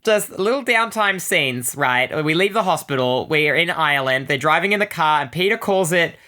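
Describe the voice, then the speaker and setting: A woman's voice: sits low, lively intonation, moderate pace, sharp tone. A woman co-hosting a casual comic-book podcast, recapping with enthusiastic, rambling chatter and plenty of "like"s. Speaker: podcast co-host.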